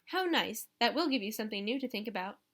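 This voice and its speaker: A woman voicing a kindly, slightly dotty elderly great-aunt who speaks in gentle, friendly tones. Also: a little high, lively intonation, fast talker.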